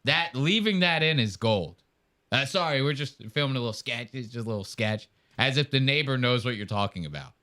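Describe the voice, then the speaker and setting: A man's voice: mid-range voice, brisk. A man, a podcast host, chatting casually and retelling scenes with acted-out quotes. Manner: animated storytelling with acted-out quotes and laughs. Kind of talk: casual chat reacting to clips.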